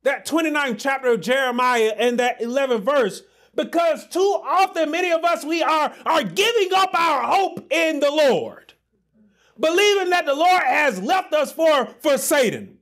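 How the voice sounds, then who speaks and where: A male pastor preaching a sermon with passion, often shouting and then dropping to low asides. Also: animated, moderate pace.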